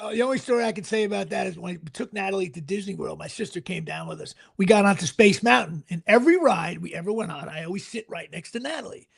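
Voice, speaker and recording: A middle-aged man hosts a laid-back podcast chat with a high, gravelly voice. He rambles through his stories and plugs his upcoming shows. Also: lively intonation, quick pace, hardly any pauses. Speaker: podcast host.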